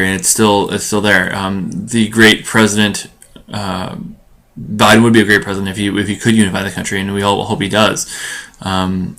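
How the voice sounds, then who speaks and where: A man's voice: on the low side, a bit bright. A man hosting his own podcast, giving a solo commentary monologue with lots of ums and restarts. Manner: halting, full of ums and restarts. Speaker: podcast host.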